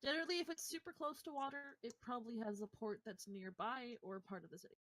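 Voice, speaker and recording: A woman's voice: fairly high pitch, quick pace, a bit bright. A woman acting as game master, explaining the setting in a matter-of-fact way. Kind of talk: running a tabletop game.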